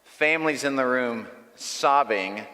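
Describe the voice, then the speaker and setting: A man's voice: medium pitch, measured pace, bright, forceful tone, big-room sound. A man preaching a sermon as pastor, telling a story in short, emphatic phrases.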